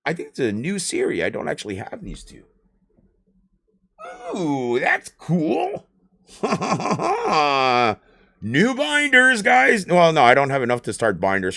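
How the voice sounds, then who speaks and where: A man, chatting on a live stream in an excitable, rambling way and swearing often. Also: medium pitch. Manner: animated, excitable ranting with swearing.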